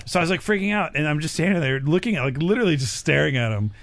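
A young male comic telling a long backstage story in a casual chat, with lots of fillers and animated bits. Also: on the high side, very fast, no echo.

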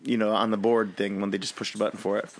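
A man co-hosting a podcast in casual chat, excitable, laughing often and restarting his sentences. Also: fairly low pitch, quick pace, noisy background. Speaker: podcast co-host.

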